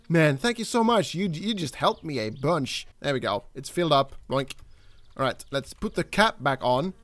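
An excitable young man narrates his own gameplay as a channel host, swearing freely and yelling at characters on screen. His voice sits high and swings widely in pitch, leaping up when he gets worked up. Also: no echo. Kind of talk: let's play commentary.

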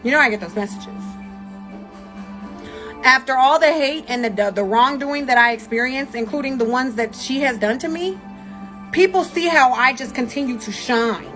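A young woman tears into someone on her livestream, cursing and insulting without pause. Her voice sits high and comes across sharp and bright, and faint music plays behind her. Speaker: livestream host. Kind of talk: angry ranting commentary.

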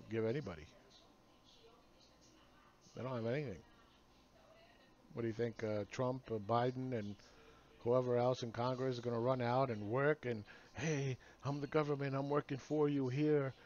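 A man's voice: medium pitch, darkish tone, dull audio. A man ranting sarcastically in a solo video monologue, mocking the people he argues against. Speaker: market commentator.

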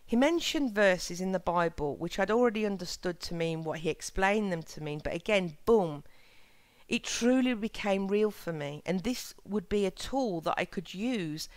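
A woman of middle pitch hosts her own spiritual channel, speaking sincerely and with soft, measured emphasis. She moves between her own reflections and scripture passages. The sound is dry and close, with no room echo. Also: animated. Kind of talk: earnest spiritual talk and scripture reading.

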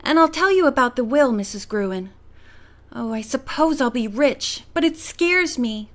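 A woman's voice: sits high, animated, measured pace. A woman voicing a timid, frightened teenage girl who speaks in a faltering, hesitant way.

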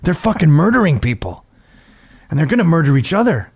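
A middle-aged man hosting a show, telling a story in casual comedic chat, profane and animated, slipping into high squealing voices to mimic others. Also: a little fast, slightly rough. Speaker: show host.

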